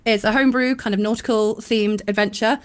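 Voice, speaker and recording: A woman's voice: fairly high pitch, fairly even intonation, a little fast. A woman guest on a quiz show, talking casually and chattily with a self-deprecating touch. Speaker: podcast guest. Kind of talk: casual chat.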